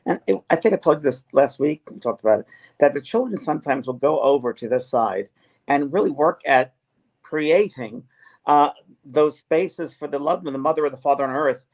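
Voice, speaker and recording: A man's voice: a little high, lively intonation, darkish tone. A man hosting a casual spiritual chat as a medium, talking earnestly with frequent restarts. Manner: earnest, halting with many restarts. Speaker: medium and host.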